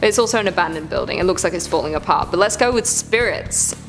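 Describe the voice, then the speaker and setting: A woman talking casually as she reacts to scary videos, chatty and quick to swear and joke. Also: fairly low pitch, soft background music.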